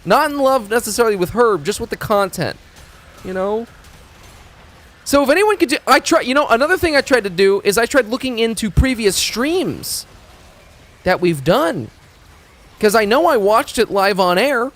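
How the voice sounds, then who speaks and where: High lively-voiced man streaming. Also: moderate pace. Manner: rambling, profane, stammers and restarts. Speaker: game streamer. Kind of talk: casual live-stream chat.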